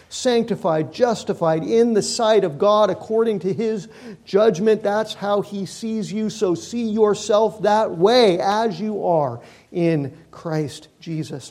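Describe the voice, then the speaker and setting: A man with a high voice delivers a sermon at a slow, deliberate pace. He leans hard on repeated words, building force through lists before easing back. The tone is earnest pastoral preaching. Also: creaky, darkish tone. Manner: emphatic, repeating key words with slow stresses and rising force.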